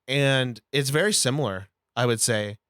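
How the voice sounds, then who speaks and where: A young adult man, a podcast producer, talking about his life in a relaxed, rambling way as a guest. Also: medium pitch, moderate pace, clear, resonant tone, no room sound, clean studio sound. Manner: relaxed, rambling, repeats himself. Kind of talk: casual interview chat.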